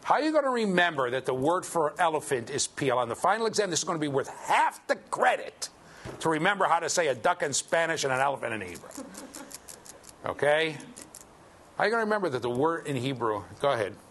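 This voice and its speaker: A man giving a university lecture, lively and joking as he quizzes his students. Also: fairly high pitch, fast talker, a little hiss or hum. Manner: lively, jokey, quizzes the class. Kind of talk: classroom lecture. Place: lecture hall.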